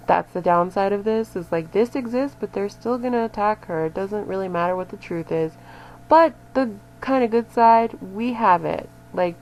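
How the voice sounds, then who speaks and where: Woman vlogger, casual reaction chat, rambling and animated, lots of restarts. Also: on the low side, low-quality recording. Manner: exasperated about online critics.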